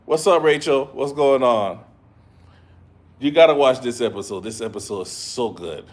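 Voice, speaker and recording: A man giving a casual live review of an episode, retelling scenes in an excitable, slangy way. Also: a little high, unhurried. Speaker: show reviewer.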